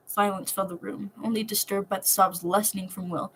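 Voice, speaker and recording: A woman reading fan fiction aloud in a soft, emotional manner. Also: medium pitch, steady tone, a little fast, hardly any pauses, slight background noise, poor audio. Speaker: story reader.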